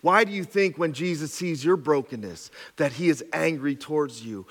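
A man preaching a sermon, swinging from loud emphatic lines to hushed, intimate ones, with casual asides. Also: a little high, normal speed, few pauses, big-room sound. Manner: conversational asides with frequent "right?" and "like". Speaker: pastor.

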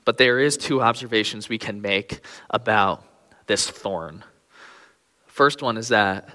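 Young male preacher, earnest sermon delivery, low and bright, long hall reverb.

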